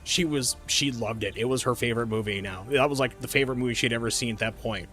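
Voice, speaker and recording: A man in his forties rambles through a story while he plays a game on stream, full of fillers and self-corrections. His voice sits at an ordinary middle pitch, and soft music plays behind him. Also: fast. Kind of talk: casual chat while gaming.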